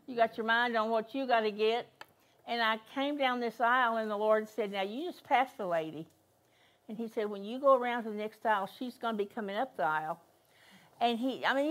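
Older woman preaching emphatically. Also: on the high side. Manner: storytelling, emphatic, repeats key phrases. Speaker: guest minister. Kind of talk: sermon. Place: church.

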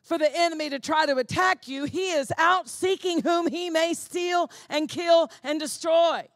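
A woman pastor delivering a sermon with a high voice and dry, close sound. She preaches with fervor, hammering phrases again and again and climbing into shouts. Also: normal speed, no echo. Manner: fervent preaching that builds to shouting; repetitive, emphatic phrasing.

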